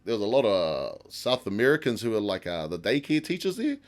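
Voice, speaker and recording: A man's voice: on the low side, fairly quick. A man with a New Zealand accent chatting casually as a podcast guest, swearing and laughing as he tells stories. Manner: casual, swears, laughs often, animated retelling. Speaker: podcast guest, tattoo artist. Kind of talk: casual chat.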